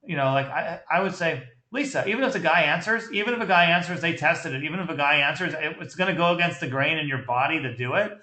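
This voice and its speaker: Brash, bright-voiced sales coach, echoey room. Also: male voice, on the high side, fast talker, hardly any pauses. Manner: blunt, animated, laughs often. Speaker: sales trainer critiquing a call. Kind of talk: casual coaching commentary.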